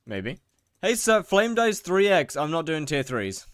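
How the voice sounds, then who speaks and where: A man's voice: a little high, big pitch swings, a little slow, fairly bright tone, clean tone, no echo, clean studio sound. A young British man chatting casually on a live stream while gaming, rambling and mocking himself as he reads out chat.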